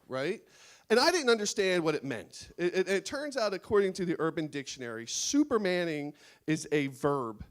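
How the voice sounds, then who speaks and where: A man doing a stand-up comedy set on a small studio stage before a live audience, laughing at his own jokes. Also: on the high side.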